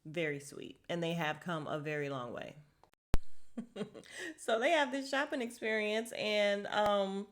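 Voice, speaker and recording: A young woman chatting casually as she recaps a reality show, gossipy and quick to laugh. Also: slight background noise. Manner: chatty and gossipy, laughs often, lively pitch swings.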